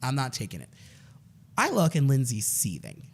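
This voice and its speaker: Animated male podcast storyteller. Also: mid-range voice, moderate pace, slightly rough. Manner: animated storyteller acting out voices. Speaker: podcast co-host. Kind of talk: casual chat.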